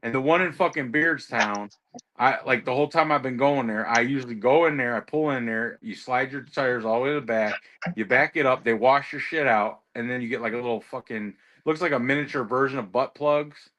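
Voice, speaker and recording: In casual conversation, a man who drives trucks spins ranting stories packed with swearing. His voice sits at medium pitch with a fairly bright tone, and he talks a little fast.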